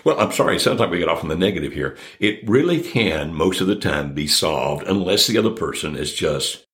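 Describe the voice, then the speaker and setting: A man's voice: low-pitched, animated, brisk, a bit bright. An older man, a relationship expert guest, giving earnest conversational advice and acting out quoted dialogue.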